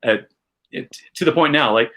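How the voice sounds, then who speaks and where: Excitable man telling a sports story. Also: mid-range voice, moderate pace. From Chicago, USA. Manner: animated, builds tension, self-mocking. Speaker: podcast guest, comedian. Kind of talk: casual storytelling chat.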